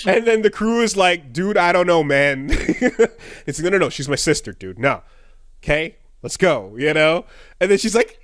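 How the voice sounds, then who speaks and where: A man co-hosting a podcast whose fairly high voice swings up and down as he retells scenes, breaking into shrieks and laughter. The sound is close and dry, with no room around it. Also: expressive, moderate pace, a bit bright, no room sound, raised voice. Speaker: podcast co-host. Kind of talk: casual podcast chat.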